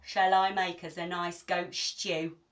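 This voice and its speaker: A woman's voice: lowish voice, level tone, takes it slowly, fairly bright tone. Woman doing a timid male troll, small shy voice. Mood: eager. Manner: small shy voice, fussing to himself.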